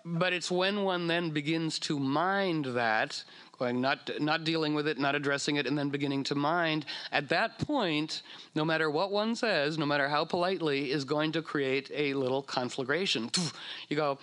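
A man giving a casual talk, animated and acting out quoted voices, with many fillers and restarts. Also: fairly high pitch, moderate pace, clean tone. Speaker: speaker on astrology.

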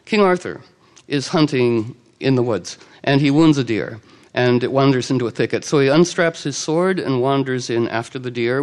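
A man telling an old legend to a live audience in a lively, conversational way, with quick asides and quoted character lines. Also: medium pitch. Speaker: storyteller. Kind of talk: oral storytelling to a live audience.

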